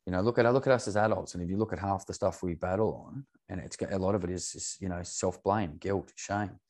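A man's voice: sits low, fairly quick, a little mellow. A man talking earnestly and openly as a podcast guest, swearing casually as he speaks. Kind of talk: candid podcast conversation.

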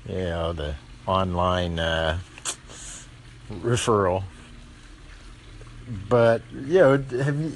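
A man hosting a call-in radio show, rambling and chuckling wryly as he talks. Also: on the low side. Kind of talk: casual call-in talk.

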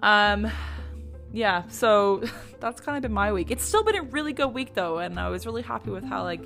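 A young woman telling stories about her week in a casual, animated way, swearing freely and saying "like" a lot. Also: mid-range voice, moderate pace, creaky, faint music behind. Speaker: vlogger. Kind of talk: casual storytelling.

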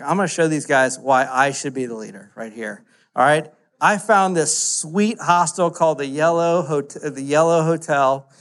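A man, preaching a casual, animated story-driven sermon full of "like" fillers. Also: on the high side. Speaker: pastor.

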